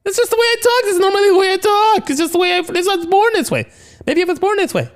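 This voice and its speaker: A man voicing a fussy, evasive male science officer with a very high-pitched voice, brushing off every worry. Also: lively intonation, quick pace. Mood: defensive. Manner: shrill, breezy, brushing off worries.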